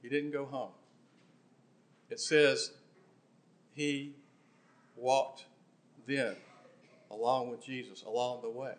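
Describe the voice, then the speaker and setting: A man preaching a sermon in church, impassioned, swinging between emphatic bursts and quiet, intimate asides. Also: mid-range voice, little pitch movement, slow, pauses often.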